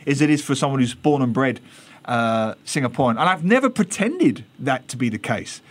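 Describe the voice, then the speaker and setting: An English man, a columnist guest on a radio interview, talking in an animated, satirical way. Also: medium pitch, a little fast. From England. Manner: animated, satirical, mimics voices.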